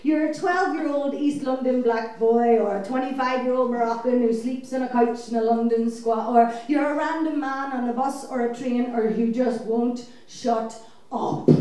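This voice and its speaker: A woman performs spoken word poetry on a club stage, wry and punchy with bursts of laughter. Her voice is high and her delivery unhurried. The recording is distant and awash in room echo. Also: warm tone, slight background noise. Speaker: feature poet. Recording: echoey club heard from afar.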